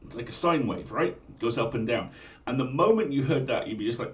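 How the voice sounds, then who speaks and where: A man with a Manx accent, hosting a livestream in a chatty, joking way with quick asides. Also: mid-range voice, animated, recorded from a distance. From Isle of Man. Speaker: streamer and storyteller host. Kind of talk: casual chat. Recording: voice from off-mic with faint room ambience.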